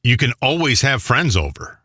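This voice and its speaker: A man's voice: medium pitch, sing-song, normal speed, pushed and bright, dry recording, clean studio sound. A man co-hosting a casual talk show, teasing and cracking jokes with big laughs. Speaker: co-host. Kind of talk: casual chat.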